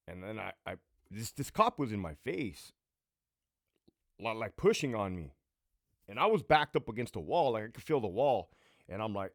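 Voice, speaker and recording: A man's voice: lowish voice, big pitch swings, normal speed, pauses often, fairly bright tone, no echo, clean studio sound. A man in his late thirties from Southern California, telling rambling, profane stories from his own life in a casual way. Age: late 30s. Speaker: channel host and ex-prison guard.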